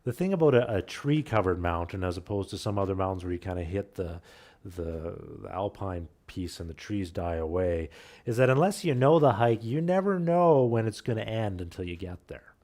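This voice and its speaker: A man's voice: low voice, lively intonation, normal speed, a little mellow. A man, a pastor, preaching by telling a family hiking story in a conversational way, often restarting with repeated words. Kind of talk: sermon storytelling. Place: church.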